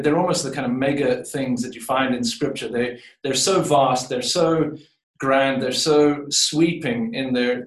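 A man delivers a scripture reading and sermon in a reflective, circling manner, restarting and repeating words as he works toward each point. His voice sits at a middle pitch. It carries from some distance across an echoing church sanctuary. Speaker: preacher. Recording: echoey room, voice from a distance.

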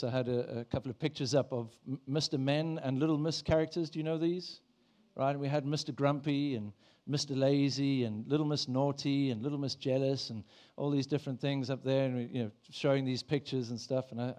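A man's voice: medium pitch, dark tone. A man preaches in a church with a mid-range voice. His sermon is conversational, with questions tossed to the congregation. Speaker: pastor.

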